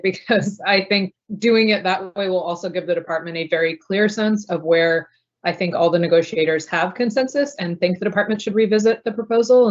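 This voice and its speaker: A woman's voice: on the low side, dull audio. A woman negotiator in a virtual meeting who speaks earnestly in support of another negotiator's point. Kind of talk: meeting discussion. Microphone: video call.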